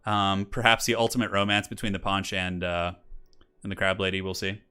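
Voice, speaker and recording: A low-sitting male voice with flat delivery, a fairly quick pace, and a sharp, clean tone. He hosts and casts a game tournament stream, providing casual, chatty, rambling live commentary and laughing frequently, over faint classical music.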